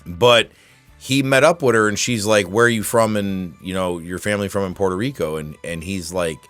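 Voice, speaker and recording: Rambling, low-voiced male podcast host. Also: moderate pace, a bit bright, faint music behind. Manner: rambling storyteller with many restarts and fillers. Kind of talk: casual rambling monologue.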